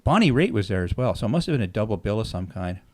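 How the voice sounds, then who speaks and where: On his podcast, a middle-aged man with a lowish voice talks fast as he casually tells stories. He's animated, acting out the dialogue and swearing freely.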